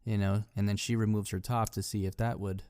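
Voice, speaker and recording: A man's voice: lowish voice, level tone, brisk, darkish tone, clean tone. A man co-hosting a podcast, casually filling in plot points of a movie. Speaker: podcast co-host. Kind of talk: casual movie recap chat.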